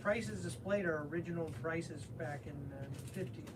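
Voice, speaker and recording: A man's voice: fairly high pitch, normal speed. A man working in a shop, easygoing, laughing readily and asking questions, in a store. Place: hobby store. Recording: distant voice over clear background noise.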